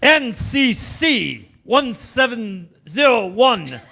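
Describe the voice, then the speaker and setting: Brief: excitable Scottish engineer, done by a man, slow, bright, gravelly. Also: extremely high pitch, exaggerated voice. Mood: excited. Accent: put-on Scottish.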